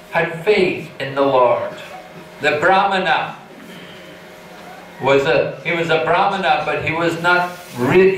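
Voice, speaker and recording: A man's voice: a little high, a bit bright. A man, a monk, giving an earnest scriptural lecture and telling a story plainly. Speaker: monk and preacher. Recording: echoey hall, distant mic, faint noise.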